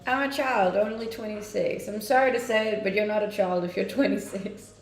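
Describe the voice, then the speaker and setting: A woman's voice: medium pitch, brisk. A woman in her twenties from Denmark, casually chatting and teasing as she reads viewer comments on her livestream, laughing often. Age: 20s. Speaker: livestream host. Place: home kitchen. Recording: echoey room with faint music.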